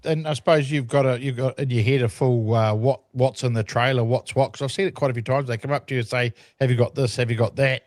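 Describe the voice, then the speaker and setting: A man hosting a casual online chat, relaxed and joking. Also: mid-range voice, fast talker, few pauses, no room sound, studio quality. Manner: relaxed, friendly banter, laughs often. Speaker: show host.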